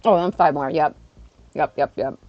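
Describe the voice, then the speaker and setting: A woman live streaming in casual chat, chatty and excitable, eating while she talks. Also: low voice, moderate pace, highs cut off.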